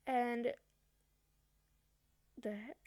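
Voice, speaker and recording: A woman's voice: a little high, fairly even intonation, very slow, a little mellow, dry recording. A woman vlogger telling a personal story in a chatty, rambling way, with many fillers. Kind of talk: storytime vlog.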